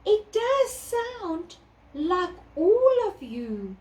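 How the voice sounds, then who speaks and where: A woman's voice: sing-song, darkish tone, heavily acted. A woman voicing a wise old forest owl who hoots between words, in a storybook reading. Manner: high fluttery hooting, drawn-out. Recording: echoey room, distant mic.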